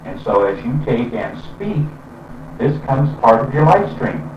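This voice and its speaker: A man giving a reflective spiritual talk in an unhurried way, with pauses and fillers. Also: medium pitch, big pitch swings, a little hiss or hum. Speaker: spiritual teacher. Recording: roomy, distant and dull lo-fi sound with faint ambience.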